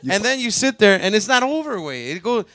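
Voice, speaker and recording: A man's voice: high-pitched, big pitch swings, brisk, a bit bright. A man in casual chat, telling profane stories and slipping into Spanish. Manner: profane storytelling, switching into Spanish.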